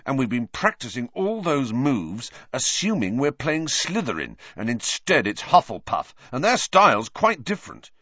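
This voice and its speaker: A man's voice: mid-range voice, huge pitch swings, normal speed, few pauses, a bit bright, no echo, voice pushed up. A man reading aloud voices an obsessive teenage boy team captain who speaks urgently and insistently. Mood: intense. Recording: dull lo-fi dry recording.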